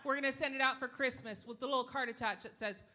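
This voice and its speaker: A woman's voice: sits high, steady tone, fast, pushed and bright, a little hiss or hum. A middle-aged woman from Yakima, Washington, doing a brash, salty stand-up set on a live stage. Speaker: stand-up comedian. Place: live comedy stage before an audience.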